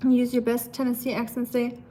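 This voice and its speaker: A woman hosting a casual live cooking stream, chatting with viewers in a relaxed way. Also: a little high, a little fast. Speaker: livestream cooking host.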